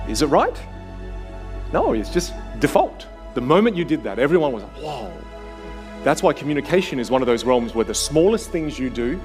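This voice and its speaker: A man coaching participants at a workshop, animated and acting out the voices he quotes. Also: mid-range voice. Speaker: communication coach. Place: workshop room.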